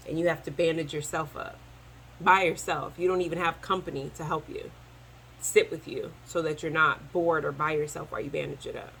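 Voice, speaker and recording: A woman doing a chatty, animated tarot reading to camera, talking straight to her viewers as y'all. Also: fairly low pitch, slight background noise, poor audio. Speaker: tarot reader.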